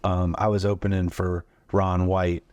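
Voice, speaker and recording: Low-voiced comedian guy, rambling chatty stories, dry close sound. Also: level tone, measured pace, a little mellow, no room sound, dull audio. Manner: loose, rambling, many fillers. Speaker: guest comedian. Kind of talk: casual storytelling.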